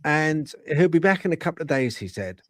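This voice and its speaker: Male podcast host, lively up-and-down voice, rambles and restarts, dry close sound. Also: a little high, a little fast, dry recording. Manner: rambling, with many fillers and restarts. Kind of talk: casual storytelling chat.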